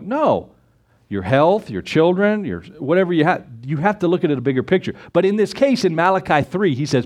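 Emphatic preacher man, fairly high voice. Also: big pitch swings, brisk. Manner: emphatic, swings between loud exclamations and low asides; conversational with scripture quotes and rhetorical questions. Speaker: pastor. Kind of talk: sermon.

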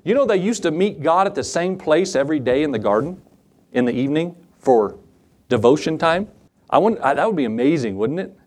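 A middle-aged man preaching a sermon as pastor, animated and acting out Bible scenes in different voices. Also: a little high, fairly quick.

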